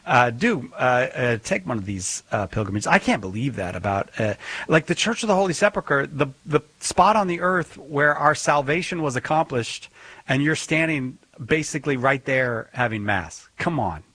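A man's voice: mid-range voice, animated, normal speed, bright, forceful tone, no echo. A man hosting a call-in radio show, enthusiastic and exclamatory. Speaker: radio host.

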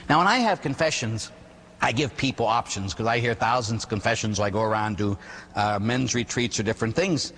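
A Catholic priest from the Pittsburgh area preaches in a large hall. His voice carries a long, echoing reverb over a faint hum. He speaks in an animated storytelling manner, slipping into quoted voices and tossing in quick tag questions. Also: medium pitch. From Pittsburgh area, United States. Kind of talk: sermon.

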